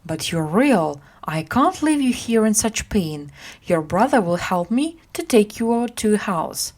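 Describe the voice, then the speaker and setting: A woman voicing a grown man on the road in a storybook reading, slow and earnest. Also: medium pitch, big pitch swings, a little mellow. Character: kind traveling man who turns stern.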